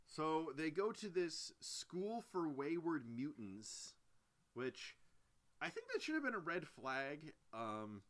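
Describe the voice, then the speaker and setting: A man co-hosting a podcast, chatting casually as he recaps and reviews a film in a rambling, animated way. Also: on the high side, slow pace. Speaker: podcast co-host. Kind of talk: casual movie review chat.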